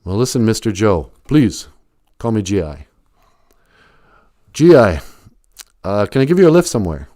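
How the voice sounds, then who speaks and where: A man's voice: lowish voice, very animated, normal speed, long pauses, mellow, no room sound, studio quality. A man voicing a pushy small-town sheriff with a drawling, insistent manner.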